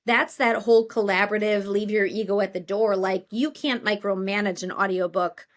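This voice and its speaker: A woman's voice: mid-range voice, fairly even intonation, normal speed. Co-host, woman, mid-range voice, rambling conversational style, casual chat. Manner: rambling, thinks aloud with many fillers and restarts. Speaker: podcast co-host.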